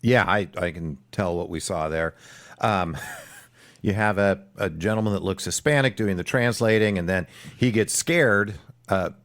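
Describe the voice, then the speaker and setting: A man's voice: low-pitched, measured pace, fairly bright tone. A man co-hosting a talk radio show in casual chat, agreeable and chuckling as he reacts. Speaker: radio co-host.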